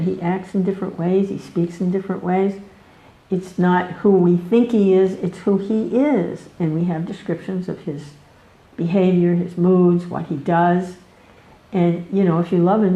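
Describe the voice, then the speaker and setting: A woman giving a devotional scripture class, telling the stories in an animated way, laughing often and jumping up in pitch. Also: moderate pace, echoey room, highs cut off.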